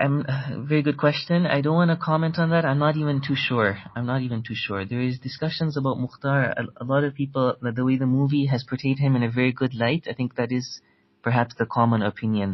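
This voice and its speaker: A man's voice: mid-range voice, highs cut off. A man giving an earnest religious history lecture, telling stories and reciting Arabic passages before translating them, often repeating words as he restarts phrases.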